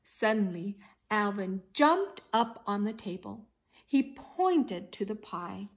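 A woman reading a children's picture book aloud as a teacher, expressive and pausing to ask her young listeners questions. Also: medium pitch. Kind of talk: children's story read-aloud.

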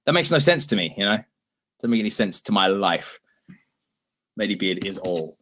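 A man hosting a livestream and answering viewer questions in a chatty, animated way, often laughing. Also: fairly low pitch, normal speed, long pauses. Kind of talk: casual chat.

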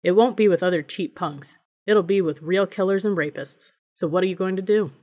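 A steady, defiant teenage boy who talks slowly and deliberately, voiced by a woman reading a storybook. He stays calm under threat. Her voice sits a little low for a woman. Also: close to an everyday voice.

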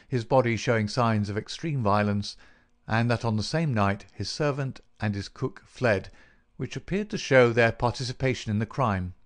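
A man narrating a classic detective story in a measured, even way. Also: mid-range voice. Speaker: audiobook narrator. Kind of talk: scripted narration.

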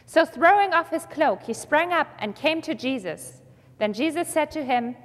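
A woman reading the Gospel aloud in a church service, measured and clear. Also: sits high, fairly bright tone. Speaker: Gospel reader. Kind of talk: scripture reading. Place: church sanctuary. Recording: long church hall reverb.

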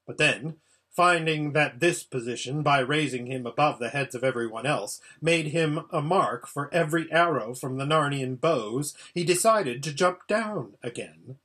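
A man reading a children's novel aloud with expressive, lively storytelling. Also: a little high, normal speed, husky. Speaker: audiobook reader. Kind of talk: storybook read-aloud narration.

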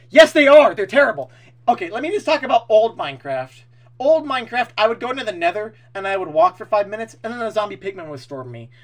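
Hyped streamer guy talking to chat, pretty high voice, swears a lot. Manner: excitable and opinionated, swears casually, talks to chat. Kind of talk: casual live-stream chat.

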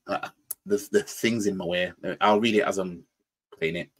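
Yorkshire man, fairly low voice, casual reaction commentary, rambling, restarts words. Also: steady tone, a little slow. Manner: rambling, repeats words while thinking. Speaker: reaction channel host.

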